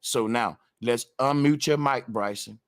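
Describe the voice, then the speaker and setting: A man's voice: medium pitch, a little slow, smooth. A man hosting a call-in livestream, directing callers in a bossy, casual, slangy way. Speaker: host.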